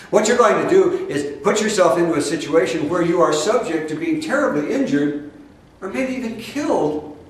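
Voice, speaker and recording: A man's voice: fairly high pitch, slight background noise. Emphatic man, echoey room. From Iowa, USA. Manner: emphatic, folksy, mocking asides. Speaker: spiritual teacher. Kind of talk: spiritual talk. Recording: very echoey room, heard from a distance.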